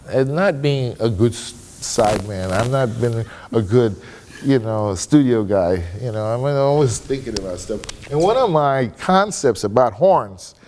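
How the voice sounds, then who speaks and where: A man's voice: fairly low pitch, a little mellow. Loose, candid man on a panel. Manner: loose and candid, peppered with "you know" and "man". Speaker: guest trumpet player on a panel. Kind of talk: casual panel discussion. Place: conference room before an audience.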